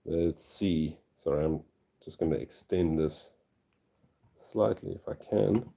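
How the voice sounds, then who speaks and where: This South African fossil collector has a gravelly bass voice, dark in tone and slow-paced. Hosting his channel's livestream, he chats loosely while packing fossils and laughs often, delighted by little things.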